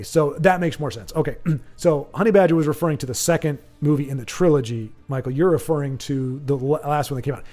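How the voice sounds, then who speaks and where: Higher-voiced man hosting a chatty stream. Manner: rambling, animated tangents with frequent restarts. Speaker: livestream host. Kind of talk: casual livestream chat, reading viewer comments.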